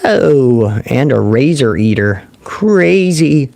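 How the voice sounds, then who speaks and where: A man hosting a recovery livestream in casual talk, animated, laughing often and answering his own questions. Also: medium pitch, normal speed, noisy background.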